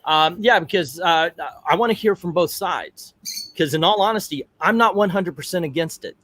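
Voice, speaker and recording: A man's voice: high-pitched, normal speed, fairly bright tone, a little hiss or hum. A middle-aged man hosting a casual livestream, chatty and digressive, turning aside to talk to his family. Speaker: livestream host.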